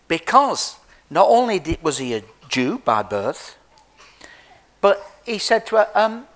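A man's voice: fairly high pitch, sing-song, unhurried. An Englishman telling a Bible story to children in a jokey, chatty way, talking straight to them. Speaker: preacher giving a children's talk.

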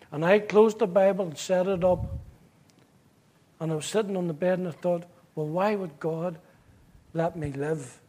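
A man's voice: high-pitched, fairly even intonation, normal speed, long pauses, warm tone. A man with a Northern Irish accent giving an earnest personal testimony, telling his story vividly and acting out the dialogue. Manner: earnest, at times emotional.

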